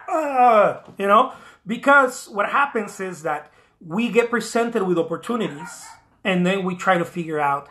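Emphatic male artist with a bright voice. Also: sits high, animated, unhurried. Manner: emphatic, repeats key phrases, acts out quoted voices. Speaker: artist giving career advice. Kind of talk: motivational talk to camera.

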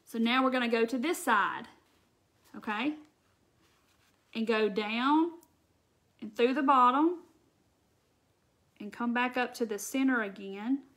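Woman hosting a live craft demo, talkative and direct with viewers, bright, forward tone. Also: a little high, slow pace, pauses often. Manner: chatty, addresses viewers directly and answers comments. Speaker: craft tutorial host.

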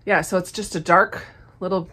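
A woman chatting casually as she unboxes and tastes snacks, upbeat and quick to laugh. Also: on the low side, fairly even intonation, bright, forceful tone, slightly rough. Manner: chatty, enthusiastic, frequent laughs. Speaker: snack reviewer. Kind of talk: casual unboxing and tasting vlog.

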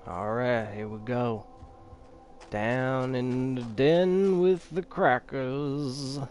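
A man's voice: medium pitch, extremely slow, darkish tone, a little hiss or hum. A man hosting a video game let's play, trash-talking and laughing at the enemies he fights. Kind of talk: gameplay commentary.

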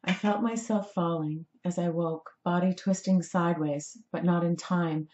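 A woman reading her own story aloud in a measured, dramatic storytelling manner. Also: lowish voice, steady tone, a little mellow, reverberant, lo-fi sound. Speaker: author reading her book. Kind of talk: audiobook narration.

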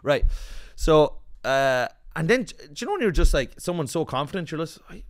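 A Northern Irish man on a podcast, telling a story in a breathless, animated, swearing way, acting out the people in it. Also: a little high, normal speed. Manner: animated, swearing, breathless retelling with quoted voices. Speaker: podcast co-host. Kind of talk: casual storytelling chat.

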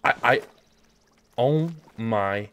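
A man commentating a hunting game as he plays, nervous and excitable, swearing and swinging between hushed muttering and loud outbursts. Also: medium pitch, drawn-out words. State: nervous, shaking. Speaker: gamer playing a hunting game. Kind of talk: live gameplay commentary.

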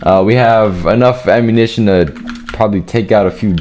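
A man's voice: on the low side, brisk, soft background music. Foul-mouthed young man commenting on gameplay. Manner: profane, joking, trash-talks other players; bursts into yelling. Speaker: gaming video creator.

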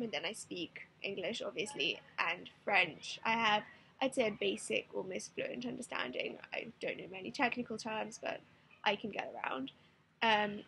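Gravelly-voiced woman in her twenties. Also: medium pitch, fairly bright tone, a little hiss or hum, poor audio. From Israel. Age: 20s. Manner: casual, hesitant with frequent ums. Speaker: casting applicant. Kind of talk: self-introduction to camera.

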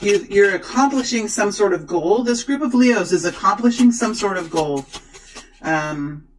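Excitable tarot reader calling out cards. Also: mid-range voice, measured pace, poor audio. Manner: excitable, exclaims and gushes. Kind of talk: tarot reading to camera.

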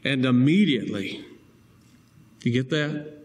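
A male preacher, delivering a sermon with emphatic rising stresses and slow, deliberate key phrases. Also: medium pitch, a little mellow.

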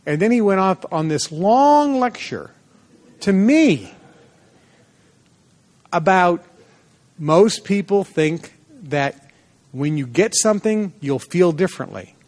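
A man's voice: high voice, slow, pauses often. A man giving a motivational seminar lecture to a live audience, telling personal stories and acting out the dialogue in them. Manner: animated storyteller, acts out dialogue in a lively voice.

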